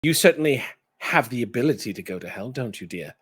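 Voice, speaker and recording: A man voicing a wry, low fallen angel. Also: expressive, fast, breathy edge. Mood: smug menace. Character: sly smoking fallen angel, male, menacing.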